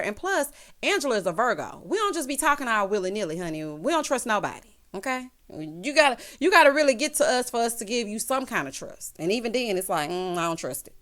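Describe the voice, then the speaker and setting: A sassy woman in a casual recap vlog, dishing gossip straight to her viewers. Her voice sits a bit high and swings all over the place as she reacts. She keeps tossing in "honey" and "child" as she talks. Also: fairly bright tone. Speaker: reality TV recap host. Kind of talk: casual recap commentary to camera.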